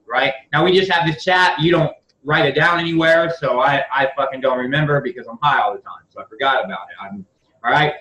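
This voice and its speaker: A man's voice: fairly high pitch, a little fast, sharp tone. Blunt, swearing man in an echoey room. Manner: profane, blunt, repetitive restarts. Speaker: company CEO and guest speaker. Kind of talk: casual coaching talk. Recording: echoey, far from the mic, dull and noisy.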